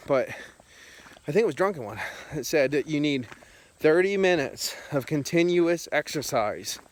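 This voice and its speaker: A man out of breath, walking a country road and talking in a rambling, joking way to a handheld camera. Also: on the high side. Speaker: beer vlogger. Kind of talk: casual walking vlog.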